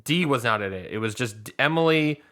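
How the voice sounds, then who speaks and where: A man's voice: mid-range voice, animated, fairly quick, a bit bright. A man co-hosting a podcast, retelling a reality show episode in casual chat and acting out the players' lines. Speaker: podcast co-host.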